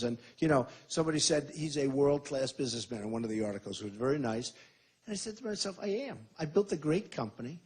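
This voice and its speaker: A man's voice: mid-range voice, a little mellow, husky. A man in his sixties, a presidential candidate at a rally, answering questions in an emphatic, repetitive and boastful way. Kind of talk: campaign Q&A speech.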